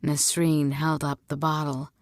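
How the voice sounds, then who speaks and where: A woman reading a fantasy novel aloud as narrator, slow and even. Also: deep voice, no room sound, clean studio sound. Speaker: audiobook reader. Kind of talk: storybook narration.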